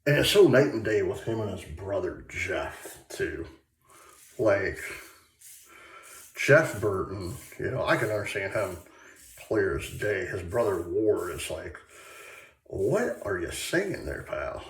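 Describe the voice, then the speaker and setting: Slow, rambling man in echoey bathroom. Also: low voice. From Michigan, USA. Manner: meandering, many fillers and restarts. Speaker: shaving vlogger. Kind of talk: rambling casual chat. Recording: echoey bathroom, faint tap water.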